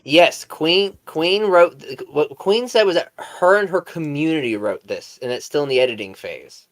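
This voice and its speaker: A man's voice: on the high side, lively intonation, moderate pace. Sarcastic man commenting in disbelief. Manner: sarcastic, incredulous asides. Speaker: commentary video host.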